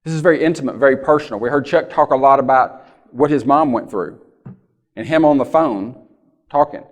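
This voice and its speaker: A man's voice: medium pitch, brisk. Folksy man in a reverberant hall. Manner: folksy storytelling, asks the audience "right?" often. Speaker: keynote speaker. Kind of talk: conference keynote talk. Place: large conference hall. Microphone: handheld or lapel mic.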